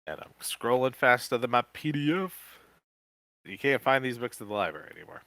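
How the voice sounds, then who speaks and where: A man co-hosting a podcast, reading a gamebook aloud live in a casual way, with quick joking asides. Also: mid-range voice, animated, sharp tone, no echo.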